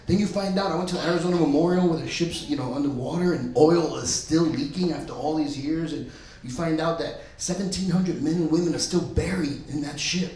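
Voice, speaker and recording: A male stand-up comedian telling stories in a loud, punchy way on a club stage. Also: fairly high pitch, a little fast, a little hiss or hum. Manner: loud, punchy storytelling, often laughing. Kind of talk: stand-up set. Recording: echoey club room.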